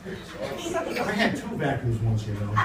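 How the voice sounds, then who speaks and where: A man's voice: lowish voice, unhurried, heavy background noise. A man performing a stand-up comedy set, telling stories and acting out the dialogue with lots of energy. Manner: animated storytelling, acts out dialogue. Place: comedy club. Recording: echoey club from a far mic. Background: audience laughter.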